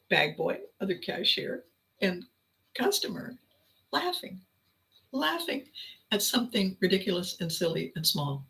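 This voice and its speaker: A woman with a bright, forward voice tells a story in a reflective podcast monologue. She is animated and lively, laughing often as she goes. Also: on the low side, rough recording. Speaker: podcast host.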